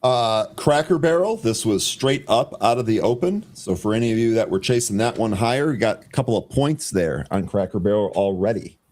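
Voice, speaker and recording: A man co-hosting a live trading show, calling stock moves and timestamps in a brisk, dry way with the odd sarcastic aside. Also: fairly low pitch, animated, darkish tone. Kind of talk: live market commentary.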